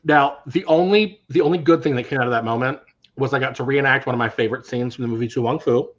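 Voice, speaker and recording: A man, a drag queen co-host, telling sassy, animated anecdotes in casual chat. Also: medium pitch, fast talker, highs cut off.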